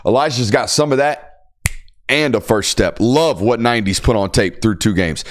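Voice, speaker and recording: A man's voice: medium pitch, normal speed, a little hiss or hum. A young man hosting a football podcast, talking casually and emphatically, sometimes ranting. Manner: animated, emphatic, ranting at times. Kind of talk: casual sports talk.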